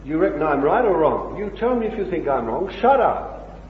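A man preaching a sermon, impassioned, with rhetorical questions, swinging between loud and hushed. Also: on the high side, big pitch swings, moderate pace, slight background noise. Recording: dull old recording in an echoey hall.

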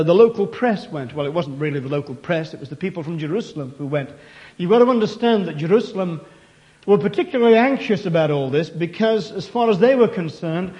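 A man's voice: sits high, a little mellow, dull audio. A man preaching a sermon, telling a story and acting out its questions and answers.

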